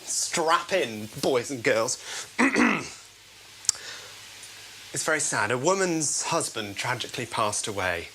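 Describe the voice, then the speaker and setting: A man hosting a casual comedy show from home, playful and self-mocking, quick to laugh at his own jokes. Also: mid-range voice, big pitch swings, bright, forceful tone, a little hiss or hum, poor audio. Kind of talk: casual live show chat.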